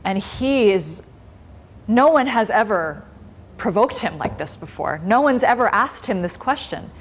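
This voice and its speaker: A woman teaching a meditation class, retelling a story in a relaxed, conversational way with many fillers. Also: medium pitch, unhurried, a little hiss or hum.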